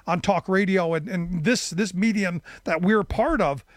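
A man's voice: high voice, unhurried, dry recording. A man hosting a talk radio show, frank and conversational, who stumbles and restarts as he talks. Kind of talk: casual talk radio interview.

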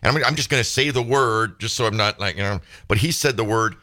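Radio host, man, fast and animated, bright voice, faint music bed. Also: lowish voice. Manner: lively, jokey, teasing. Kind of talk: casual radio chat.

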